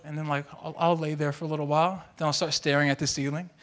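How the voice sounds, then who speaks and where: Animated young man preaching, fairly high voice. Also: fast talker. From Tongan and Mexican heritage. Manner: animated storytelling with lively mimicry. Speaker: pastor. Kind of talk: sermon.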